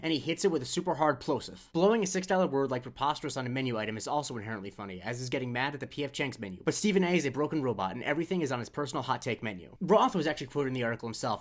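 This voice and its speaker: A man hosting a commentary video, talking in a wry, facetious way with quick asides. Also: mid-range voice, animated. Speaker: host.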